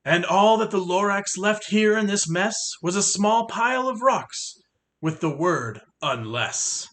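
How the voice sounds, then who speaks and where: Bright, animated man reading aloud. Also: sits high, measured pace. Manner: expressive, sing-song rhyming delivery. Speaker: reader. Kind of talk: reading a picture book aloud.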